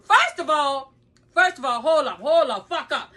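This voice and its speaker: A woman shrieks and laughs through tears, her very high voice swooping up and down. She swears at every turn and her tone is bright and cutting. It is a mother's loud, emotional rant. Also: expressive, moderate pace. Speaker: mother being pranked.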